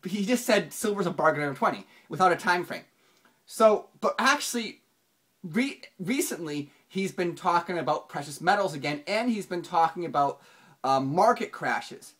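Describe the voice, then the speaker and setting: A finance channel host giving casual video commentary, rambling with many restarts and fillers, and jumping up in pitch for emphasis. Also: moderate pace. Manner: animated, pitch jumps up for emphasis.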